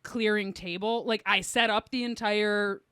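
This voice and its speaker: A woman's voice: mid-range voice, steady tone, unhurried, pushed and bright, smooth, no echo, clean studio sound. A woman comedian co-hosting a podcast, telling rambling, self-mocking stories in casual chat. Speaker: stand-up comedian and podcast co-host.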